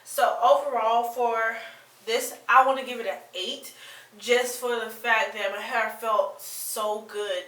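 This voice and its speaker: A woman's voice: on the high side, fairly even intonation, slow pace, a bit bright, echoey room, distant mic, poor audio. A woman vlogger giving a casual, rambling product review with plenty of fillers and restarts. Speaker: beauty vlogger.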